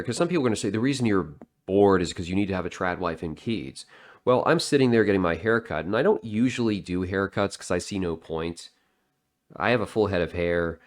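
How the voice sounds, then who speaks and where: A man giving a sardonic, digressive casual monologue as a vlogger. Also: deep voice.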